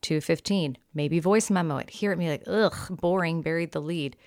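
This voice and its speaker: A woman in her thirties co-hosting a podcast in casual chat, explaining things in quick, confident bursts. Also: low-pitched, darkish tone, no echo, clean studio sound. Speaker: podcast co-host.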